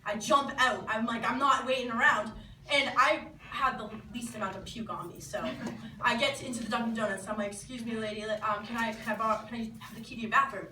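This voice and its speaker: A young woman from New telling a funny personal story live, animated and laughing as she acts out what people said. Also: fairly high pitch, fairly quick. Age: teens. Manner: animated, laughing, acting out quotes. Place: small venue. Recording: roomy, distant mic with background noise.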